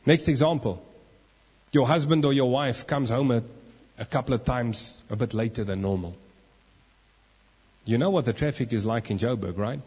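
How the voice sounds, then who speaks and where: Male pastor, sermon, husky, voices people's thoughts, reverberant church hall. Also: mid-range voice, normal speed, pauses often. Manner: animated, acts out inner voices.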